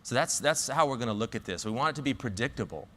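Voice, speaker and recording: A man's voice: mid-range voice, animated, quick pace, fairly bright tone. Southern man giving a talk in a big hall. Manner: storytelling, restarts and fillers. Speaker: conference speaker. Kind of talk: conference talk.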